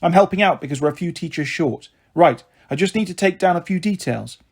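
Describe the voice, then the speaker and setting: A very posh but unfussy middle-aged headmistress from a storybook, frank and friendly, read by a man. Her voice sits higher than the reader's usual tone and stays relaxed. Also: a little fast, slightly rough.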